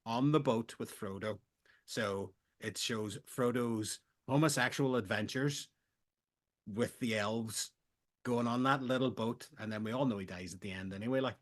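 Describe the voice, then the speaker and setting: A man co-hosting a film podcast, rambling and jokey, getting loud when excited. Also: mid-range voice, moderate pace. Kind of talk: casual chat.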